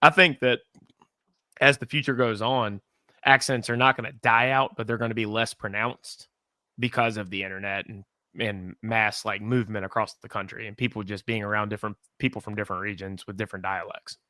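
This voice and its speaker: A young Southern American man co-hosts a relaxed podcast, talking through ideas with lots of asides. His voice is bright and forward, recorded dry and close with no room sound. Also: fairly low pitch, brisk, no echo. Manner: chatty, explains at length with asides. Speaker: podcast co-host. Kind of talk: casual podcast chat.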